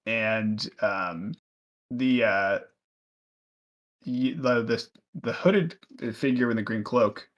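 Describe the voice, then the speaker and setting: A man's voice: fairly low pitch, takes it slowly, long pauses, muffled recording. A man running a tabletop game as game master, narrating in a rambling way with lots of fillers.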